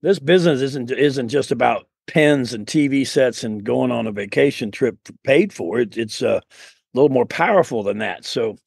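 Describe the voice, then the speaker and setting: A middle-aged man recounts his early career as an interview guest, earnest and rambling, looping back on himself with restarts and asides. His voice sits at a middle pitch with a gravelly edge, and the recording is close and dry. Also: normal speed, darkish tone, no room sound. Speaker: guest, insurance sales coach. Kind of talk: storytelling in an interview.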